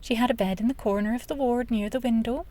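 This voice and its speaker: A woman reads a children's novel aloud in a gentle, measured storyteller's voice. Her pitch sits a little high, and the delivery is steady and clear. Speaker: audiobook narrator. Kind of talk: scripted children's book narration.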